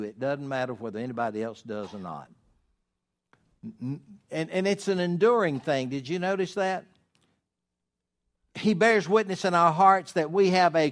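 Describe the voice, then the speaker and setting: A pastor in his sixties preaching a sermon, building to loud emphatic peaks and then dropping low and quiet. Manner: preaching with swelling emphasis and sudden drops.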